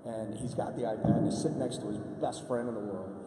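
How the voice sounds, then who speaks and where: A middle-aged man, a convention panel guest, telling relaxed anecdotes. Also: on the low side, fast. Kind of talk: storytelling on a panel. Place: large convention hall. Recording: echoey hall from far off.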